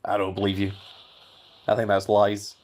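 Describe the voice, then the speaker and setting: A man's voice: fairly low pitch, monotone, normal speed, a little mellow. A man hosting a live stream, chatting casually and reading viewer messages aloud.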